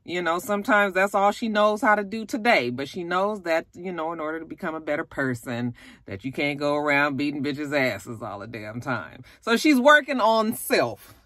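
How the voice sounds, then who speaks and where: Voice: mid-range voice, animated, normal speed, a bit bright, no echo, clean studio sound. A YouTube host giving a casual, profane recap of a reality show, talking candidly to viewers. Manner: candid, blunt and profane, chatty asides to viewers.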